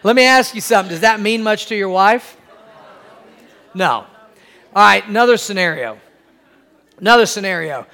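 A man's voice: lively intonation, moderate pace, creaky, pauses often, pushed and bright. A middle-aged man preaching a sermon, asking for amens and acting out everyday scenes. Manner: preacherly, calls for amens, acts out quoted wives in a high voice. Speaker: pastor.

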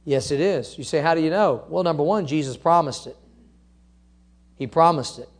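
A man's voice: a little high, moderate pace. A man preaching a sermon, quoting scripture and driving his points home with emphatic, rising repetition. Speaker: pastor.

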